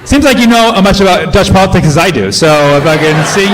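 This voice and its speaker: Comedian riffing with a live crowd. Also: male voice, high-pitched, expressive, background noise. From United States. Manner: loose, riffing, quizzing the audience with quick questions. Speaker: stand-up comedian. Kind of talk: stand-up crowd work. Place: comedy stage before a live audience.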